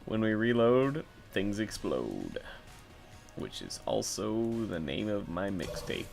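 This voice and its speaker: A man's voice: on the low side, wildly swooping pitch, takes it slowly, gravelly, a little mellow, faint music behind. A young man talks over his gameplay in a loose, meandering way, drifting into side stories and poking fun at himself. He curses freely and keeps coming back to the game between tangents. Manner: rambling, self-deprecating, swears a lot. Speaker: let's play commentator. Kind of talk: casual gameplay commentary.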